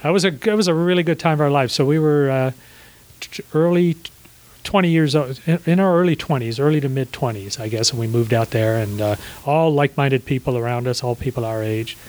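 A man in his sixties chats loosely as a podcast guest, circling back with "uh" and "um" and restarting his sentences as he tells stories. His voice sits at an ordinary middle pitch. The delivery is unhurried and conversational. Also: low-quality recording. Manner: relaxed, rambling with many fillers and restarts. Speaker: guest, small business owner. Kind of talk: casual storytelling interview.

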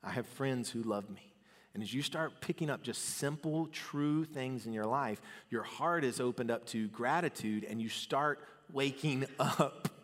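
A male pastor giving a conversational sermon, his voice moving between quiet, soft passages and louder, lifted ones. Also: mid-range voice, long reverb tail.

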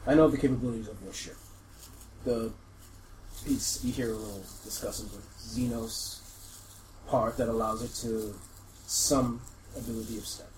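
A man running a tabletop role-playing game, explaining the situation in a relaxed, halting way and laughing often. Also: medium pitch, slight background noise, poor audio. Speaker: game master.

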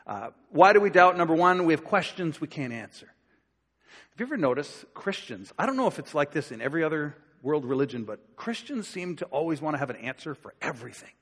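Male pastor, slightly high voice, chatty sermon delivery with acted-out voices, long church reverb. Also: big pitch swings, brisk, a bit bright, husky. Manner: conversational, acts out quoted voices.

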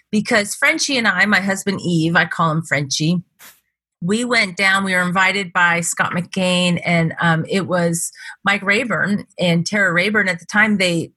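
A middle-aged woman, a motivational speaker giving an interview, telling stories in a conversational way and acting out the lines she quotes in a higher voice. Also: bright, forceful tone, husky, no echo. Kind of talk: conversational storytelling. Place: Las Vegas.

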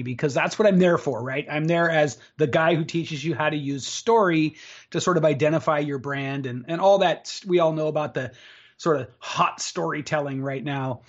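Male guest, speaking coach, raised pitch, confident storyteller, muffled lo-fi call audio. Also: moderate pace. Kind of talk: casual interview storytelling. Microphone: remote call setup.

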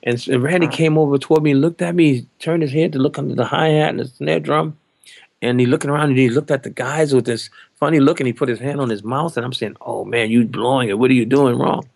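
Gravelly older guy, 60s drummer telling a story, acts out the voices, dry close sound. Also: a little high, fast talker, no echo. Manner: animated, acts out quoted voices. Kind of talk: anecdotal storytelling.

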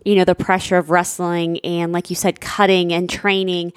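A woman's voice: lowish voice, flat delivery, normal speed, clear, resonant tone, no echo, clean studio sound. A woman co-hosting an interview, chatty and sympathetic to her guest. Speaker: co-host. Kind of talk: casual interview chat.

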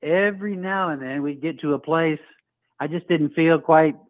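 A man's voice: a little high, moderate pace, no echo. A man calling into a show and telling a personal story, acting out the voices of the people in it. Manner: storytelling, acts out quoted voices. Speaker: caller. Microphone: phone. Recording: tinny phone line.

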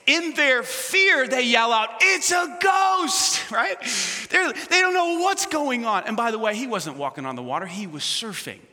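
A male pastor preaching a sermon, swinging from shouts to hushed near-whispers and calling on the congregation to answer back. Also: extremely high pitch, animated, moderate pace, few pauses. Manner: asks the congregation questions and calls for responses. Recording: long reverb of a big hall.

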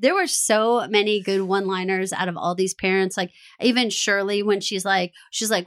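A woman co-hosting a casual TV recap podcast, animated and laughing often, acting out quoted lines. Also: medium pitch, a little fast, hardly any pauses. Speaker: podcast co-host.

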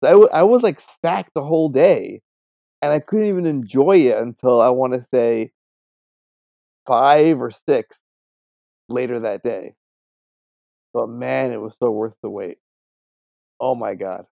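A man in casual podcast chat, talking excitedly. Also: mid-range voice, a little slow, creaky, long pauses, no echo, dull audio. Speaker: podcast co-host.

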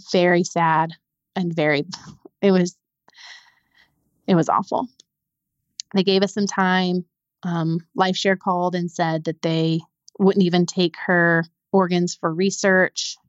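A young adult woman, a podcast guest, telling a painful personal story in a halting way, repeating words when it gets hard. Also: fairly low pitch, no room sound, lo-fi sound.

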